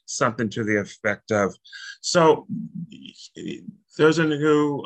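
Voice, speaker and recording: A man hosting a casual spiritual chat, animated and jokey, blunt and swearing freely. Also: on the low side, low-quality recording.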